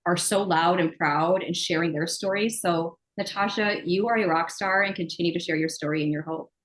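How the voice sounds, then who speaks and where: A woman's voice: fairly low pitch, moderate pace, echoey room, rough recording. A woman co-hosting a recovery podcast, talking in an earnest, reflective way. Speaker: podcast co-host. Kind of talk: casual podcast chat.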